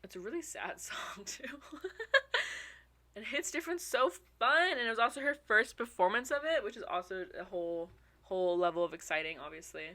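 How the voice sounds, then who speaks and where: A young woman chatting casually to her viewers, excitable, swearing freely and laughing often. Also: medium pitch, fast talker. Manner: talks to her viewers as y'all. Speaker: vlogger. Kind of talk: casual chat.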